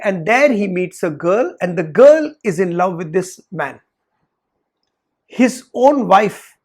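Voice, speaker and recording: A Vedanta teacher speaks in a gravelly, slightly husky voice. The teacher retells a story to make a point, breaking into short quoted lines for each character. The tone stays that of a lecture. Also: mid-range voice.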